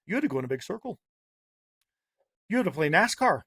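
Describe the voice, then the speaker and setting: A man's voice: sits high, very animated, brisk, a bit bright, slightly rough, no room sound, clean studio sound. A man hosting a podcast, delivering a heated, sarcastic opinion monologue with punchy repetition. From Massachusetts. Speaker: podcast host.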